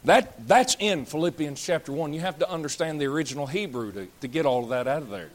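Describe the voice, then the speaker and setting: A man's voice: a little high, quick pace. A man, preaching a blunt, folksy sermon as pastor, scolding and joking with his congregation. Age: 30s. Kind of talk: fiery sermon.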